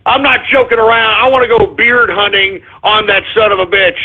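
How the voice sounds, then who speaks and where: A man hosting a talk radio show, ranting and swinging from calm talk to angry shouting. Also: high voice, fairly quick, heavy background noise. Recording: muffled phone-like internet radio audio.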